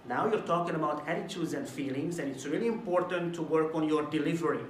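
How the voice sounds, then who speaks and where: A man from Hungary giving a recorded video talk to camera about presentation delivery, lively and at times acting out a dull, mumbled way of speaking as a contrast. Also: on the high side, quick pace, roomy sound, recorded from a distance, a little hiss or hum. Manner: animated, demonstrates flat and mumbled delivery as examples. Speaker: presentation coach.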